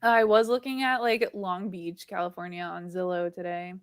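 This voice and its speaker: A woman's voice: fairly low pitch, level tone, moderate pace, clear, resonant tone, no echo. Giggly woman chatting on a stream, says "like" a lot, dry close mic. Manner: giggly, storytelling, lots of "like" fillers. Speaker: livestream co-host. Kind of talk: casual chat.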